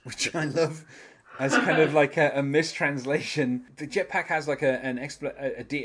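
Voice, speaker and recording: A man's voice: mid-range voice, fairly bright tone, breathy edge. A man hosting a casual podcast, rambling through an episode recap with many fillers and frequent chuckles. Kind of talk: casual chat.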